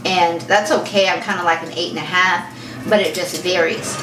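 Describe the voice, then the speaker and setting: A woman's voice: lowish voice, moderate pace, noisy background. Chatty woman vlogger, roomy distant sound. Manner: chatty, animated storyteller who acts out quoted exchanges. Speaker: fashion vlogger. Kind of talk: casual unboxing chat. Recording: roomy echo, mic at a distance, faint kitchen clatter.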